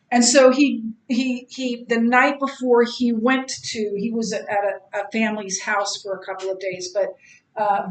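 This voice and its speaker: Slow, halting woman teaching Bible class. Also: medium pitch, echoey room, rough recording. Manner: halting, many ums and restarts. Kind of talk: Bible study lecture. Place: church classroom.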